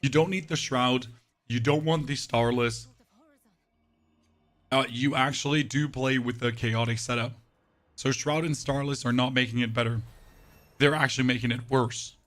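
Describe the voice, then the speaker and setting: A male game streamer chatting casually with his live chat, his voice temporarily deeper and rougher than usual, bantering and reading messages aloud with sarcastic asides. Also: fairly even intonation, normal speed, pauses often, a bit bright.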